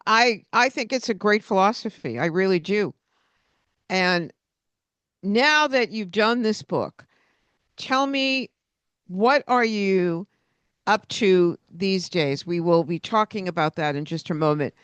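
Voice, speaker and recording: A woman hosting a radio interview who talks slowly and without hurry. Her voice is smooth and clear. The recording is close and dry, with no room sound. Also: medium pitch, a bit bright, dry recording. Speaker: radio host.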